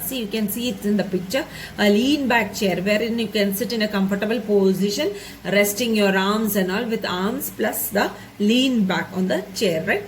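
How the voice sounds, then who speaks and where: A woman's voice: medium pitch, slight background noise, rough recording. A woman teacher explaining a story to students, repeating and rephrasing each point and checking in with "right?" and "isn't it?".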